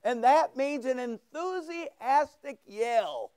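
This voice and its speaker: High-voiced fervent preacher man. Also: lively intonation, slow, a little mellow, clean tone, dry recording, clean studio sound. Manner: fervent, emphatic preaching with rising bursts. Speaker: pastor. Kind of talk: sermon.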